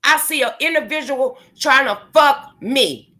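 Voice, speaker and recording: A woman's voice: high voice, a little slow, pushed and bright. A woman vlogger, delivering a profane, confrontational rant to her viewers. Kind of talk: angry rant to camera.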